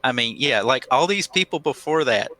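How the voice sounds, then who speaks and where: A man's voice: medium pitch, animated, moderate pace, pushed and bright, rough recording. A man chatting casually as a player in a tabletop game, chiming in with bits of trivia. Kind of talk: casual chat.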